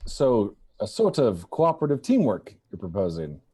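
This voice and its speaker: Guy player at a tabletop game, bouncy lively voice, joking around. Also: lowish voice, normal speed, husky.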